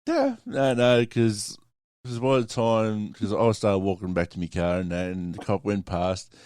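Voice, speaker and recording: A man's voice: lowish voice, expressive, measured pace, a little mellow, no room sound, studio quality. An Australian man hosting a podcast, telling a story in a casual, sweary way and laughing along. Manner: swears often, laughs through his story. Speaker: podcast host.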